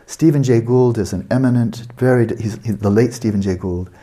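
A man's voice: medium pitch, fairly quick, dark tone. A man giving a spoken lecture as a meditation teacher, posing rhetorical questions with emphasis.

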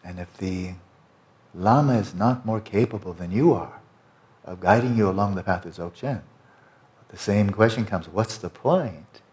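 A man's voice: fairly low pitch, moderate pace, darkish tone. An American man giving a conversational dharma talk to retreat students, emphatic and often checking in with "right?". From United States. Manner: emphatic, conversational, repeats tag questions. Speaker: meditation teacher.

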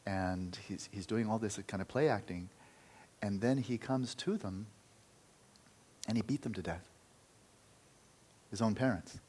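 A man's voice: on the low side, measured pace, pauses often, darkish tone, husky, rough recording. A man, a meditation teacher, telling a story vividly and dramatically during a spiritual talk.

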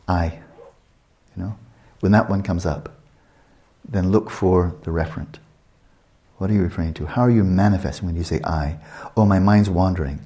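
A man guiding a meditation session as a teacher, unhurried and questioning, often checking in with his listeners. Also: low-pitched, mellow.

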